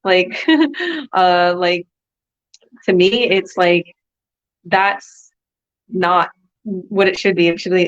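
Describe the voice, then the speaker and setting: A woman's voice: lowish voice, steady tone, unhurried, long pauses, highs cut off. A woman business coach hosting a motivational online talk, upbeat and preachy, often repeating herself.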